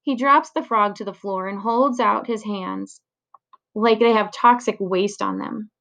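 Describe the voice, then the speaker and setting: A woman reading a children's chapter book aloud in a clear, steady storytelling voice. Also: mid-range voice, measured pace. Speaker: reader.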